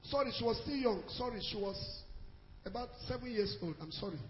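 High-voiced Nigerian pastor preaching. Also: male voice, lively intonation, a little fast, big-room sound, highs cut off, slight background noise. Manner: storytelling, swings between hushed asides and shouted exhortation. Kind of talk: sermon. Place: church.

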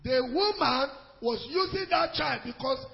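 A man with a Nigerian accent preaching a sermon to a church, telling a story with hushed asides and shouted exhortations. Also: very high-pitched, lively intonation, unhurried, gravelly, long reverb tail, lo-fi sound. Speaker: pastor.

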